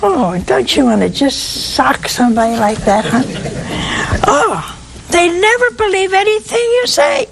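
A woman's voice: extremely high pitch, expressive, measured pace, vocal fry, noisy background. A woman giving a sermon, telling stories with humor and asking her listeners rhetorical questions. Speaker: preacher.

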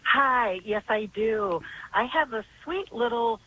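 A woman's voice: fairly high pitch, expressive, slow pace, pushed and bright, slightly rough, poor audio. An older woman calling in to a talk show, telling a long story earnestly and in a rambling way. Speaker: caller. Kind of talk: phone-in call.

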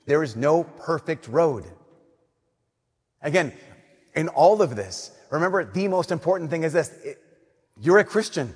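A young man, a Catholic priest, giving an earnest, conversational homily that drops to soft emphasis. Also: fairly high pitch, lively intonation, moderate pace. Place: church. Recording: long church reverb.

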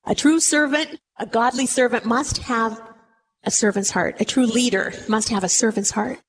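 A woman's voice: a little high, fairly even intonation, normal speed, slight background noise, poor audio. A woman giving a conversational Bible lesson, often putting rhetorical questions to her listeners. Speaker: Bible teacher.

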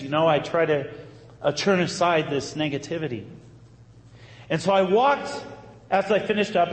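A man, a Catholic priest, telling a story in a sermon with a lively, conversational manner and emphatic bursts. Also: fairly high pitch. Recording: echoey hall, faint ambience.

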